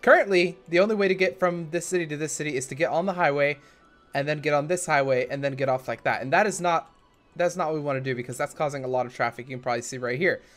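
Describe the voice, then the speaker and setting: A man's voice: on the high side, quick pace, fairly bright tone, soft background music. A young man hosting a casual let's play, talking in a chatty, rambling way and often correcting himself. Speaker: gaming channel host.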